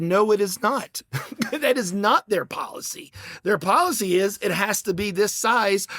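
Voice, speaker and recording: A middle-aged man hosting a podcast, telling a story in a casual, animated and exasperated way, with lots of restarts. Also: high voice, no room sound, clean studio sound. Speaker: podcast host.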